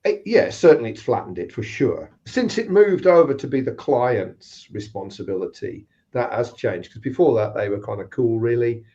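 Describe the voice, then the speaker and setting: A man's voice: medium pitch, expressive, normal speed, few pauses, warm tone. A man telling work anecdotes in casual chat and acting out the people he quotes. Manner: anecdotal, acts out quoted voices. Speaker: guest speaker on recruitment. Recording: slightly dull lo-fi sound.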